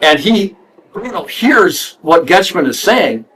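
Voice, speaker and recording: Middle-aged man, animated storyteller, fairly high voice, faint background hum. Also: slow pace, low-quality recording. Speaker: former player telling a story. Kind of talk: casual storytelling.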